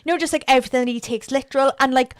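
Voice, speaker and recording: A woman's voice: sits high, steady tone, rapid-fire, clean tone, no echo, clean studio sound. A woman co-hosting a casual livestream podcast, gushing about books with lots of filler words. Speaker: podcast co-host.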